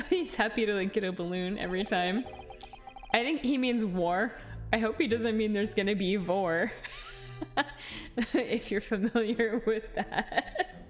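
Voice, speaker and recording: A young woman chatting casually while streaming a game, giggly and rambling with lots of fillers. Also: mid-range voice.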